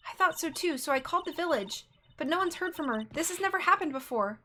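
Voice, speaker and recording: Woman doing an anxious high young medium girl. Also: animated, fast, sharp tone, slight background noise, heavily acted. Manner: earnest and anxious. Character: worried, upbeat young spirit-medium girl. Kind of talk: dramatic game reading.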